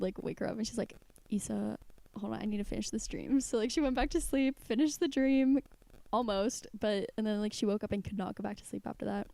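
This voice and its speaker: Podcast co-host, woman, 20s; warm, relaxed tone, giggly and rambling. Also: medium pitch, creaky, dry recording. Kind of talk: casual chat.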